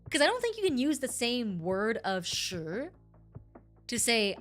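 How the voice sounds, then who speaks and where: A woman streamer casually explaining things to her chat in an animated, rambling way, often correcting herself mid-sentence. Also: a little high, a little slow, soft background music.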